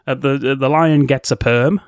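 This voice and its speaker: A man's voice: mid-range voice, steady tone, clear, resonant tone, dry recording, studio quality. Man retelling film scenes. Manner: retells scenes with quick impressions of characters, laughs often. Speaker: podcast co-host. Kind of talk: casual film review chat.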